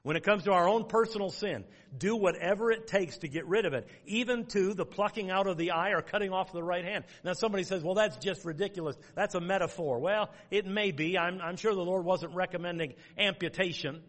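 A man delivers a sermon in a plain, folksy manner, moving through lettered points and quoting old scripture. His voice sits a little high for a man. The sound carries a long reverb from the church hall. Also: a little fast, hardly any pauses, fairly bright tone. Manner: folksy, outline-driven preaching with quoted scripture. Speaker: pastor.

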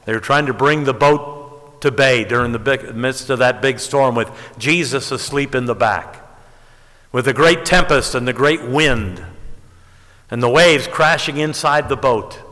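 A man preaching a sermon, telling stories and rising to emphatic high peaks. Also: a little slow, bright, forceful tone. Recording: long hall reverb.

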